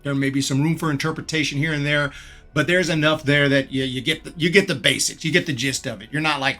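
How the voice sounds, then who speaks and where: A man's voice: on the high side, fairly even intonation, fast, sharp tone, faint music behind. A man hosting his own channel, giving a frank, rambling movie review and repeating words as he thinks aloud. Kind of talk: casual spoken movie review.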